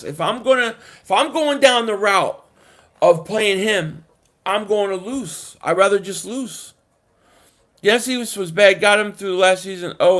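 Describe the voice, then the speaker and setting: On a laid-back live stream, a man answers viewers' chat messages with lots of animation and emphasis, frequently starting over mid-sentence. His voice sits high.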